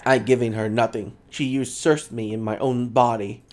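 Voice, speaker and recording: A man's voice: medium pitch, fairly even intonation, normal speed, close to an everyday voice. A man voicing a frightened elf wizard who speaks in a strained, defensive way.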